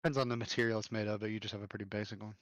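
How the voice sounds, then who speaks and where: A man running a tabletop game as game master, relaxed and thinking aloud as he goes. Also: fairly low pitch, very fast, dry recording.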